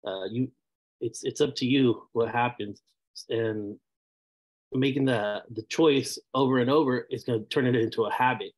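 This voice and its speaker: A man in a team meeting, speaking quietly and haltingly about a takeaway. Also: medium pitch, poor audio. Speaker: team member. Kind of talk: casual group discussion.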